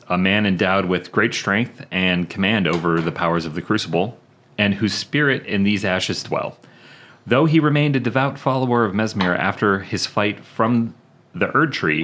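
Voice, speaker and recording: A man's voice: fairly low pitch, fairly bright tone. A laid-back man co-hosting a gaming podcast, reading game text aloud, swearing casually and stumbling over words. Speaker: podcast co-host.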